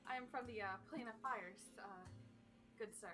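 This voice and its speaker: A woman playing a character in a tabletop game, speaking softly and hesitantly with apologetic pauses. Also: a little high. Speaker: player. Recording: faint and distant from the mic, with music behind.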